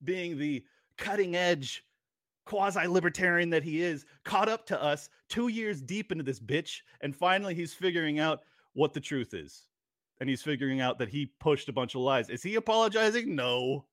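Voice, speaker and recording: A man's voice: fairly high pitch, fairly bright tone, no echo, studio quality. A man hosting a podcast, delivering an angry, profane political rant with biting sarcasm. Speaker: podcast host.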